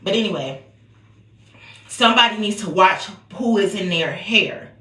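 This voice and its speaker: A woman's voice: mid-range voice, lively intonation, unhurried, pushed and bright, echoey room. An American woman giving a casual psychic reading, talking bluntly and profanely with a sing-song refrain. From United States. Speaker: psychic reader. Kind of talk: casual intuitive-reading vlog.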